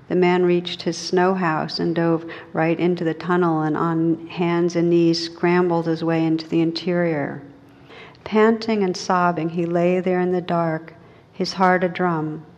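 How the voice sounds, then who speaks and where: A woman meditation teacher talking casually to a group with self-amused laughter, then reading a story aloud. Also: fairly low pitch. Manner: casual, laughs at her own asides. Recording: dull recording with a long hall echo.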